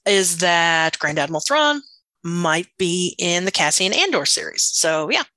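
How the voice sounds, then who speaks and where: A woman with a bright, sharp voice and a slightly low pitch rambles excitedly in casual chat. The recording is dry and close. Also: measured pace, no room sound. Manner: excited, rambling fan talk.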